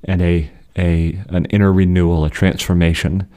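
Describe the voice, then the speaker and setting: A man co-hosting a podcast, explaining theology in a measured, conversational way with frequent restarts. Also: deep voice, flat delivery, mellow.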